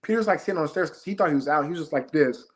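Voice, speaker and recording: A young man, a former game show contestant, retelling his experience as an interview guest in an excited, fast-moving casual chat. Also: a little high. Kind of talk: animated storytelling in casual chat.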